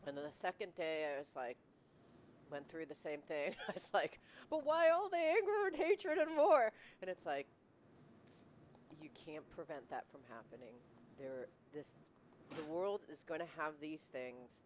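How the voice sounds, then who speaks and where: A woman's voice: low-pitched, normal speed, slight background noise. A woman hosting a casual conversation, reflective and rambling, often laughing and restarting her sentences. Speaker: podcast host.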